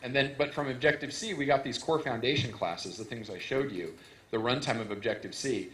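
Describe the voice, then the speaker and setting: A man gives a technical talk in a conference hall, explaining things casually with lots of fillers and restarts. His mid-range voice is a bit bright and fairly quick, picked up by a stage microphone with roomy hall echo and a little hiss or hum.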